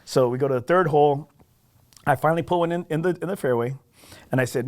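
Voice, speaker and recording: Talking fast in a higher-pitched voice, a man tells a golf story on a podcast. It's a casual, animated, self-deprecating telling, peppered with "right?" as he checks in.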